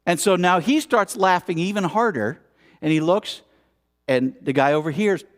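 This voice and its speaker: A man's voice: high voice, normal speed. A man giving a storytelling sermon at a spiritual center, acting out the scenes with exclamations. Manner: animated, acts out scenes with exclamations. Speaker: speaker at a spiritual center service.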